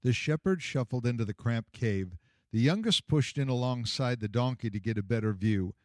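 A male storyteller reads in a measured, expressive way. His voice sits at a middle pitch. The sound is dry and close to the mic. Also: dry recording. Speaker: narrator. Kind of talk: storybook narration.

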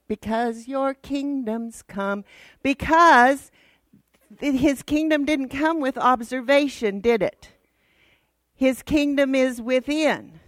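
A woman's voice: sits high, no echo. A woman Bible teacher giving a casual, teasing and direct church lesson to a worship team.

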